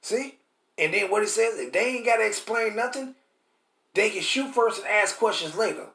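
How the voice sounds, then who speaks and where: A man's voice: high voice, lively intonation, normal speed, vocal fry, pushed and bright. A man preaching scripture in an emphatic, repetitive way, stumbling over words as he restarts sentences. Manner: emphatic and repetitive, keeps asking "See?"; stammers and restarts while hunting for words. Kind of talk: street-style scripture teaching. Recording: roomy echo.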